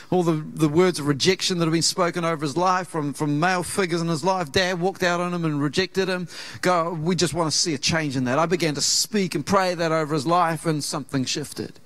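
Earnest New Zealand pastor preaching. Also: male voice, a little high, brisk, fairly bright tone. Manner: storytelling, acts out quoted voices, earnest. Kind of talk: sermon. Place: church auditorium.

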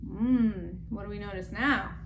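A woman reading a picture book aloud to children, gentle and stopping to ask them questions. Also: medium pitch, fairly even intonation, measured pace, background noise. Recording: echoey room with faint background.

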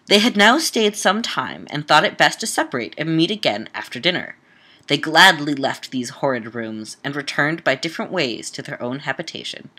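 A woman with a low-pitched, bright, forceful voice reads an old Gothic novel aloud with drama. As an audiobook reader and podcast host, she breaks off now and then for wry, casual comments.

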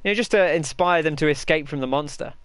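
A man's voice: fairly high pitch, fast, clean tone, dry recording. A man giving chatty, rambling gameplay commentary and answering his chat as he plays. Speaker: gaming host.

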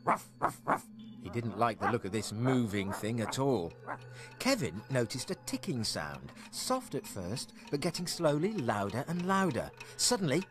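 Lively male storyteller reading a kids' tale. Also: medium pitch. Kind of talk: children's story narration.

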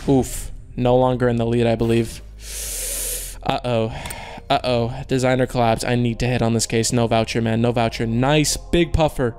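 A man's voice: mid-range voice, little pitch movement, normal speed, faint music behind. A young man giving casual commentary on opening online cases, groaning at losses and cheering at wins, talking in slang to his viewers. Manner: swings between groaning frustration and loud cheering. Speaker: case-opening video host. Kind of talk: excited gaming commentary.

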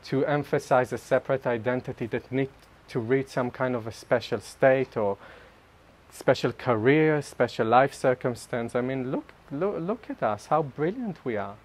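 Animated man giving a spiritual talk. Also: medium pitch, normal speed. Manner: animated and self-mocking, laughing often mid-sentence. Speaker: speaker sharing at a group retreat.

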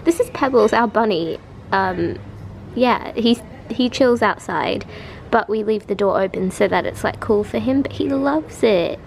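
A woman's voice: mid-range voice, animated, measured pace, creaky, a little mellow, a little hiss or hum. A young woman chatting casually to camera in a bedroom, gushing and chatty. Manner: chatty and gushing, drops into baby talk with pets. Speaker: vlogger. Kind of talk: casual vlog chat. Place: bedroom at home.

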